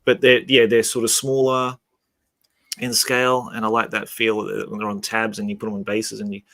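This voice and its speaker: A man's voice: on the low side, little pitch movement, moderate pace, creaky, a bit bright, no room sound. A man hosting a casual hobby chat, giving easygoing, rambling explanations. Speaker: channel host. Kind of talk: casual hobby chat over video call.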